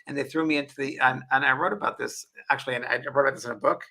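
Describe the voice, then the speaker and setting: An older man hosting a casual talk show, telling stories in an animated way. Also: medium pitch. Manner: storytelling, animated, quick. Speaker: host. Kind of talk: casual conversation.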